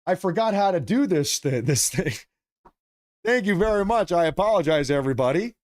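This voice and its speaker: A man hosting a political livestream, chatting casually with viewers and reading their messages, with a slight cough, animated and prone to repeating himself. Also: high-pitched, normal speed. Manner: animated, repeats phrases, apologetic asides.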